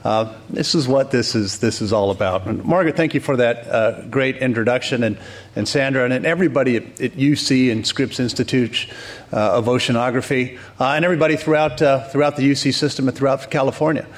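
A man's voice: mid-range voice, a little fast. A man giving a welcome speech at a conference as mayor, upbeat with joking asides and frequent restarts.

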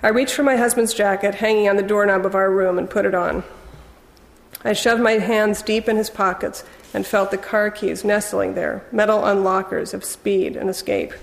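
Gravelly-voiced woman narrating a novel. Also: medium pitch, steady tone, moderate pace, in a large hall. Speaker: audiobook narrator. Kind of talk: first-person literary narration.

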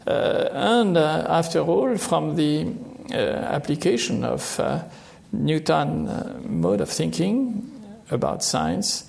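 An older man gives an academic lecture over his slides, his voice gravelly and worn. He speaks haltingly, stopping often on fillers as he builds his points. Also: mid-range voice, expressive, darkish tone. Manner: halting, many filler pauses.

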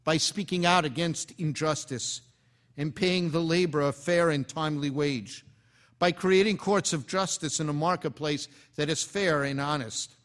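A man delivering a formal, impassioned speech, rising in emphasis on key words and dropping quietly at the ends of phrases. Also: fairly high pitch, moderate pace. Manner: impassioned, oratorical cadence. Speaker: speaker.

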